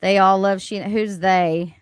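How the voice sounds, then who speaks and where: A woman hosts a live stream from home, talking slowly and bluntly with plenty of profanity and laughter. Her voice is close to the mic and dry, with no room sound. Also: medium pitch, steady tone, smooth, no echo. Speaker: livestream host. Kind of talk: casual live-stream rant.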